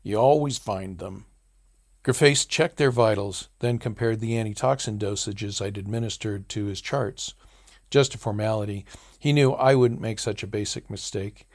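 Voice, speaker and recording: A man reading a first-person story aloud as an audiobook narrator, in a measured, dry storytelling manner. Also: fairly low pitch, a little mellow.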